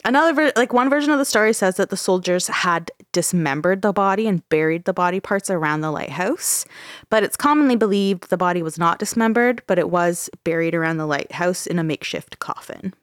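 A woman's voice: on the low side, lively intonation, a little fast, no room sound, clean studio sound. A woman from Ontario hosting a casual podcast, telling a ghost story with frequent laughs and swearing. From Ontario, Canada. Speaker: podcast host.

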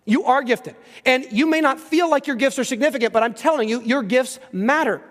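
A man's voice: extremely high pitch, brisk, a bit bright, long reverb tail. A man preaching a sermon to his church, telling stories earnestly and getting emotional, with frequent restarts. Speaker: pastor. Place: church sanctuary.

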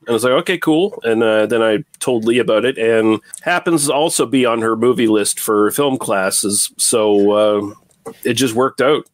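A man hosting a casual film podcast, talking in a relaxed, rambling way with fillers and quick asides. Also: fairly low pitch, dry recording. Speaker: podcast host.

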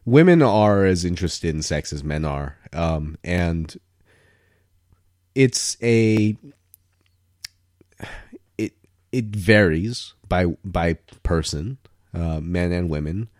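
A young man talks through his ideas in loose, rambling chat, often restarting to rephrase. His voice sits very low and is recorded dry and close. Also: takes it slowly, pauses often, no room sound. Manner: rambling, self-correcting, animated. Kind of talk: casual chat.

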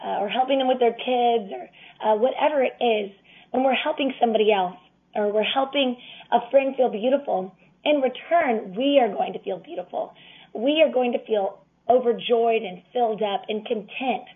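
A woman's voice: on the high side, normal speed. A young woman as a guest, speaking sincerely and encouragingly from her faith. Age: young adult. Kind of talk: casual interview talk. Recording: tinny phone line.

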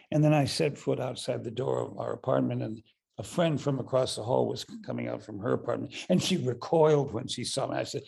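An older man, an actor and director, telling a long anecdote in an interview, halting often with fillers and restarts. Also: medium pitch, creaky, darkish tone, breathy edge.

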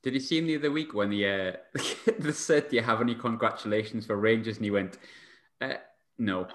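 A man's voice: lowish voice, fast. A man hosting a casual podcast, rambling in a chatty way with laughing asides. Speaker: podcast host. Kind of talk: casual chat.

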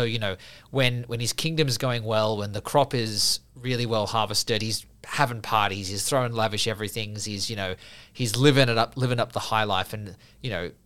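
A man's voice: mid-range voice, fairly bright tone. A man in casual conversation explaining a Buddhist idea and telling a story, with many fillers and repeated restarts. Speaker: podcast guest speaking from a Buddhist view.

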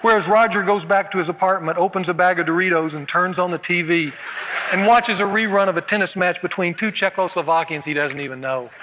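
Male pastor, high and bright, humorous storytelling sermon; long hall reverb, dull lo-fi tape. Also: brisk, very noisy.

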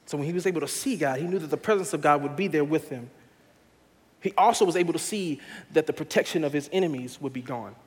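Young man, pastor, sermon, slightly high voice, long church reverb. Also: fast. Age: young adult. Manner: earnest preaching that builds to loud laughing storytelling.

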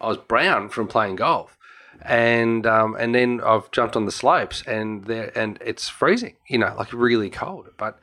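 A man's voice: lowish voice, measured pace, sharp tone. A man with an Australian accent, co-hosting a casual chat and telling a long travel story with lots of restarts and laughter. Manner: rambling storyteller, many restarts, laughs often.

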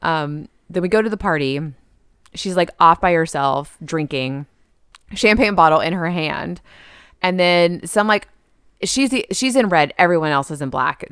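A woman co-hosting a podcast, casually recapping a show and acting out characters' lines in quick quotes. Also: fairly low pitch, expressive, fairly bright tone, clean tone, no room sound, clean studio sound. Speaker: podcast co-host.

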